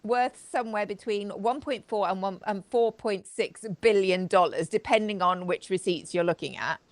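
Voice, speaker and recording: A woman's voice: mid-range voice, normal speed, no echo. A woman hosting a live stream, giving sarcastic, chatty commentary and talking straight to her audience. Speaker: host. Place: home studio, live video.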